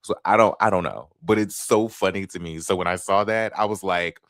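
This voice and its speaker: A man's voice: low voice, fairly quick, dry recording, clean studio sound. A man in his thirties from North Carolina with a Southern accent, hosting a casual live chat with viewers and swearing freely. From Fayetteville, North Carolina. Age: 30s. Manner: animated, swearing, chatty with viewers. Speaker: host.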